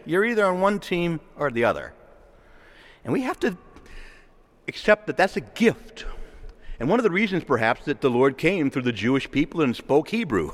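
A man preaching a sermon in a conversational, animated way, often acting out the voices of the people he quotes. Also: on the high side. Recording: long reverb of a large hall.

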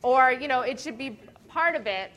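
Chatty high-voiced woman. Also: normal speed. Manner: chatty, animated, with laughs and fillers. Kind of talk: casual explanation to a group.

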